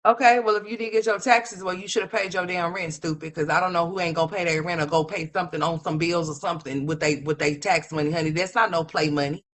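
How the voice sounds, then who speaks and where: A woman commentator ranting with incredulous, profane, rapid-fire talk full of restarts. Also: on the low side, fairly even intonation, fairly bright tone.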